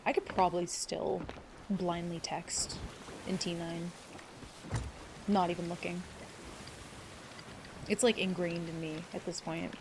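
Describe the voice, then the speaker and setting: A woman's voice: fairly low pitch, noisy background. A woman streamer chatting casually with her viewers, rambling and swearing freely, teary at moments. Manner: rambling, emotional, swears freely, greets chat by name. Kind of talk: casual live-stream chat.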